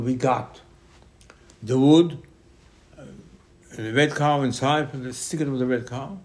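A man giving a Torah lesson, telling the story in lively dialogue and repeating key phrases for emphasis. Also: mid-range voice. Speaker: rabbi.

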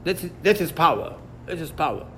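Male rabbi, slightly high voice, animated lesson style, acts out dialogues. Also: normal speed, creaky, a little hiss or hum. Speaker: rabbi teaching Torah. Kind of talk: Torah lesson.

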